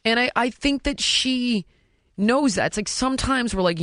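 A woman's voice: a little high, expressive, moderate pace, a bit bright, no echo, studio quality. A middle-aged woman hosting a podcast, talking candidly and bluntly in casual chat, cursing freely. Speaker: podcast host.

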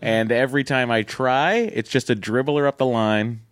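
A man's voice: medium pitch, steady tone, moderate pace, dry recording. A man co-hosting a casual talk show, rambling and joking in a dry way. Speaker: podcast co-host. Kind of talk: casual chat.

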